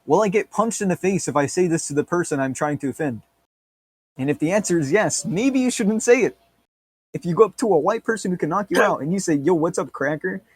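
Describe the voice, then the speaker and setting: A man's voice: sits high, lively intonation, quick pace, breathy edge, dry recording. A man co-hosting a podcast, chatting casually in a rambling, crude, joking way with lots of fillers. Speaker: podcast co-host. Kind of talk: casual chat.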